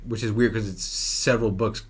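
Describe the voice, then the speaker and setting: A man's voice: lowish voice, fairly even intonation, moderate pace, husky. A young man co-hosting a film podcast in casual chat, rambling with frequent restarts and fillers. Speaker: podcast co-host.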